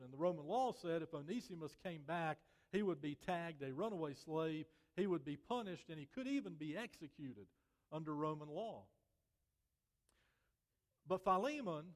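A man preaching a sermon as pastor, measured and earnest, letting his voice fall softly at the ends of phrases. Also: sits high. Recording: long reverb of a church hall.

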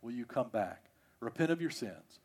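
A male pastor preaching a sermon in church. He swings between loud, emphatic passages and hushed ones. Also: medium pitch, big pitch swings, moderate pace. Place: church, service also streamed.

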